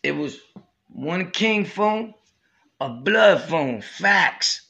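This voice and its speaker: A Brooklyn podcast host with a New York accent tells stories in streetwise slang, often saying "you know what I'm saying." His voice is high-pitched, animated, gravelly and sharp, and he draws out his words.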